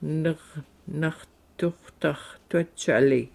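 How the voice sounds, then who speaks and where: Slow, gravelly man teaching phrases. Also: a little high, darkish tone. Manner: reads a phrase in English then repeats it slowly in the native language. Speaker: language speaker reading phrases. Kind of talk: slow phrase-by-phrase language lesson.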